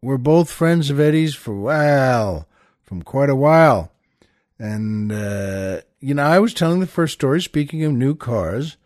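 A man's voice: medium pitch, lively intonation, measured pace, a little mellow, no room sound, clean studio sound. An older man hosting a podcast, telling stories in a casual, rambling way, with many "uh"s and restarts, and calling his listeners "folks.". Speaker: podcast host. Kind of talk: casual storytelling monologue.

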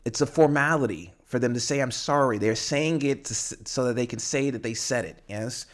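A man's voice: mid-range voice, brisk. Rambling man teaching on a podcast. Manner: rambling, frequent fillers and tag questions. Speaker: podcast host and English teacher. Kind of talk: casual teaching monologue.

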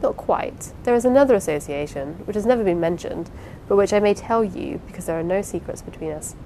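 A woman reading the part of a lively, affectionate young wife in an audiobook, eager and playful. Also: lowish voice, brisk, gravelly, a little hiss or hum, low-quality recording. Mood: earnest.

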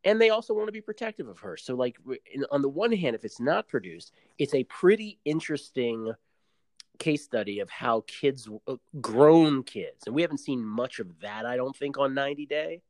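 A man's voice: mid-range voice, normal speed, dry recording. Guy cohosting a podcast, voice jumps all over, playful and argumentative, dry close sound. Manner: animated, playful, argues his point with rhetorical questions. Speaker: podcast co-host. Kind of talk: casual chat recapping a reality show.

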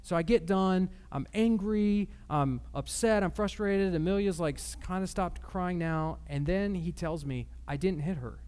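A pastor in his thirties preaches with a voice pitched a little above most men. He talks casually and personally, then leans hard into his points with emphasis. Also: a little slow, hardly any pauses, darkish tone, clear, resonant tone. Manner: conversational, emphatic, personal storytelling. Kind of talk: sermon.

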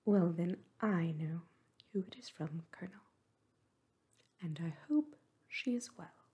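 A woman voicing a prying, gossipy older hostess in a soft whispered role-play reading. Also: on the low side, lively intonation, takes it slowly, slightly rough, exaggerated voice. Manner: whispered, coaxing and nosy.

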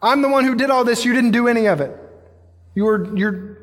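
A man's voice: extremely high pitch, fairly quick, long reverb tail, pitched above the performer's own voice. A man voicing a laid-back, slangy God. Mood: proud. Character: God as casual, confident male voice.

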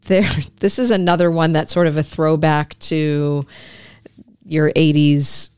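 A woman's voice: low voice, little pitch movement, unhurried, darkish tone, clear, resonant tone, no echo. A woman co-hosting a casual movie review chat, retelling scenes with laughter and restarts into a desk mic.

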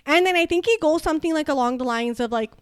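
A woman's voice: high-pitched, fast talker, no room sound, clean studio sound. A young woman chatting casually as a podcast co-host, telling a story with lots of fillers, swearing and laughter. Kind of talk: casual chat.

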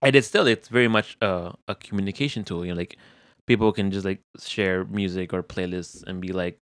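A man's voice: fairly quick, dry recording, clean studio sound. A young man chatting casually on a podcast, acting out quoted lines in a raised voice as he tells stories. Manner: animated storyteller, acts out quotes in a high voice. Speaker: podcast co-host. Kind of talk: casual chat.

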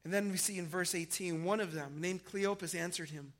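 A pastor preaching a sermon, retelling a scripture story vividly and swinging from loud emphasis to hushed, quiet lines. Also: male voice, high-pitched, a little fast.

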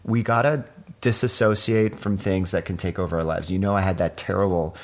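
A man's voice: sits low, steady tone. A middle-aged man talking candidly and telling stories as a podcast guest. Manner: candid, rambling, quick to tell anecdotes. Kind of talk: casual chat.

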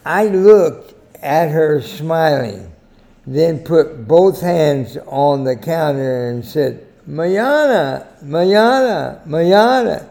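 Slow, gravelly older American man. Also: on the high side, mellow. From United States. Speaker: editorial host. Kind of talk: short spoken editorial with anecdotes.

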